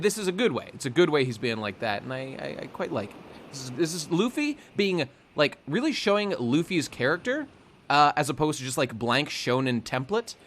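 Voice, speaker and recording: A man's voice: mid-range voice, a bit bright, slight background noise. A man co-hosting a fan podcast in casual chat, rambling with lots of fillers and restarts. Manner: rambling, many fillers and restarts, laughs often. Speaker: podcast co-host.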